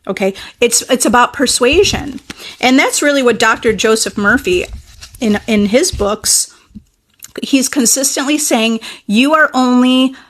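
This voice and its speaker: With a fairly high, somewhat bright voice, a young woman manifesting coach teaches in a relaxed, supportive way. She keeps checking in with her listeners by asking "okay?"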